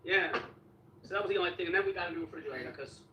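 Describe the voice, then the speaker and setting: Guy rambling on fast while he cleans his kitchen, repeats himself a lot, mic far off in an echoey room. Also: high-pitched, lo-fi sound. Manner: rambling, repetitive storytelling. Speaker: vlogger. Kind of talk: casual chat while cleaning. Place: home kitchen. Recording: echoey room, distant mic, background noise.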